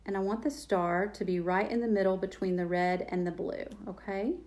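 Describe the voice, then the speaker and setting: A woman's voice: mid-range voice, flat delivery, moderate pace, darkish tone. Woman, DIY host, chatty and self-deprecating, mid-range voice, talks to her viewers while crafting. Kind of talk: live-streamed craft demo, chatting with viewers.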